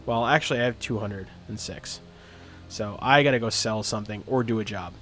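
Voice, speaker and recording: A man's voice: fairly low pitch, a little fast, fairly bright tone, soft background music. A man streaming a game live, reading its text aloud and chatting about his choices.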